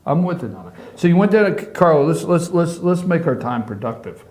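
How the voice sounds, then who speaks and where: A man's voice: fairly high pitch, very animated, a little fast, darkish tone, roomy sound. A man hosting a local TV show in casual chat, joking and teasing, often stumbling over his words. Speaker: host. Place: TV studio.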